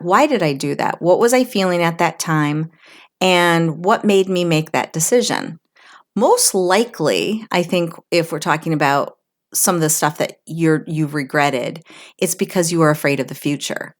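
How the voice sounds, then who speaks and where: A woman's voice: on the low side, moderate pace. A middle-aged woman co-hosting a podcast in casual chat, reflective, often acting out inner thoughts as quoted asides. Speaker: podcast co-host.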